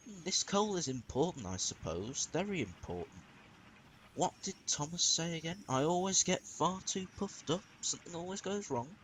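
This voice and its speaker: A man's voice: on the high side, sing-song, moderate pace, a bit bright, a little hiss or hum, pitched above the performer's own voice, low-quality recording. A man voicing a proud, impatient male steam engine in a fan-made storybook, impatient and then earnest.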